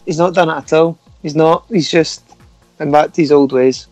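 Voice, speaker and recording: A man's voice: a little high, steady tone, normal speed, darkish tone, faint music behind. A young Scottish man hosting a casual podcast, teasing his friends, laughing often and swearing freely. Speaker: podcast host. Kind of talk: casual banter.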